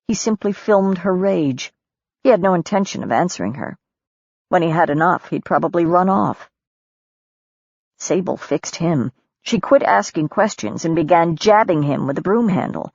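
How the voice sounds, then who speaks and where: A woman narrating an audiobook in a measured, steady storytelling voice. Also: on the low side, breathy edge, no room sound, lo-fi sound. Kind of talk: scripted narration.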